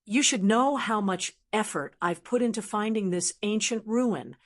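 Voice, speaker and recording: A woman's voice: mid-range voice, lively intonation, unhurried. A woman voicing a scheming young male cultivator who coaxes and bargains. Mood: coaxing.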